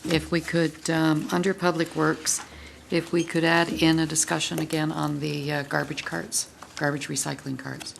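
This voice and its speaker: A woman's voice: deep voice, little pitch movement, moderate pace, creaky, slight background noise. A woman councillor politely asking to add an item to the agenda.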